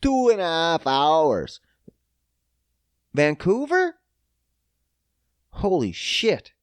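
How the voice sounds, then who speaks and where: A man's voice: slow, pauses often, smooth, no room sound, clean studio sound. A man from Prince Edward Island hosting a podcast alone, ranting with constant swearing and mock outrage. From Prince Edward Island, Canada. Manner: loud, animated pitch swings when riled up. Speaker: podcast host. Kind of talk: profane solo podcast rant.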